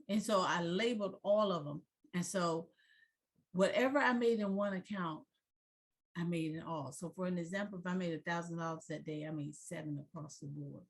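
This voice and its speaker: A middle-aged woman, a pastor and investor, telling her story in an interview with fervent preacher-like delivery, quoting scripture and building up to shouts. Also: sits low.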